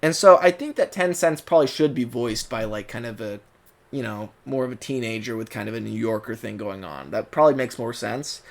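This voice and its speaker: A man giving a casual, rambling commentary, full of fillers and quick character impressions. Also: mid-range voice, vocal fry. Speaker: online video maker reviewing a cartoon dub.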